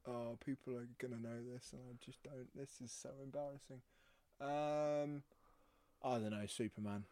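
A man's voice: medium pitch, fairly even intonation, moderate pace, warm tone, dry recording. A young man co-hosting a podcast in casual, jokey, self-deprecating chat. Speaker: podcast co-host.

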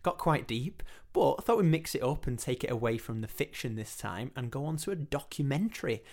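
A man's voice: mid-range voice, animated, brisk, darkish tone. Jokey British man hosting a podcast. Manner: jokey, playful, self-mocking. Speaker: podcast host. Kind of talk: casual chat.

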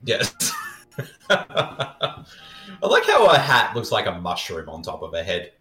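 A man's voice: fairly low pitch, wildly swooping pitch, slow, pushed and bright, reverberant, faint music behind. A man co-hosting a casual movie-riffing podcast, joking and laughing often. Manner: giggly, joking. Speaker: podcast co-host.

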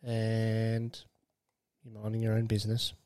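A man's voice: lowish voice, completely flat delivery, measured pace, a little mellow. A man, co-hosting a podcast and telling a crude, rambling story in casual chat. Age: late 20s. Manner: crude, rambling, laughs while telling stories. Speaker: podcast co-host.

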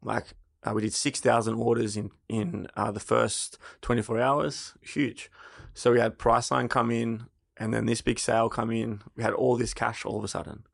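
A man's voice: mid-range voice, fairly even intonation, normal speed, vocal fry, hardly any pauses, no room sound, studio quality. A young Australian man, a brand co-founder, telling his business story in a casual interview, candid and prone to swearing.

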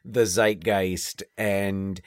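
A man's voice: deep voice, steady tone, very slow, no echo, clean studio sound. A man co-hosting a casual movie-chat podcast, rambling and often restarting his sentences. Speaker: podcast co-host.

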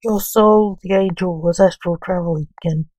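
A woman's voice: on the low side, steady tone, moderate pace, a little mellow, no room sound, natural voice. A woman voicing the king of the grim reapers, a worried father asking his son what is wrong. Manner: worried, concerned.

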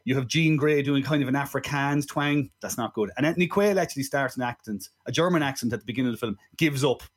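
A man's voice: medium pitch, fast talker. An Irish man co-hosting a casual film-review podcast, chatting in a digressive way with frequent "right?" asides. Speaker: podcast co-host.

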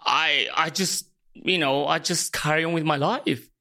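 A man telling his life story as an interview guest, animated, laughing often and acting out quotes. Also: on the high side, a little slow, gravelly. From Armenia. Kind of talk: emotional storytelling.

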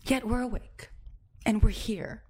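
A woman telling a personal story in a confessional monologue, moving between hushed, near-whispered phrases and intense, emphatic bursts, with words repeated for rhythm. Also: on the high side, unhurried, husky.

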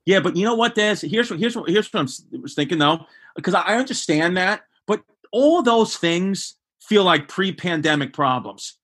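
A forceful, fairly high-voiced man in his forties chats on a comedy podcast. His tone is husky and a little rough, and he rambles through crude stories. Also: expressive, moderate pace. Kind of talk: casual podcast chat.

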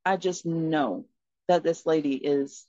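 A woman guest on a podcast, telling a personal story in an earnest, expressive way. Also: low voice, slow, no echo. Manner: earnest and expressive, acting out dialogue in her story. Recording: slightly muffled, dry recording.

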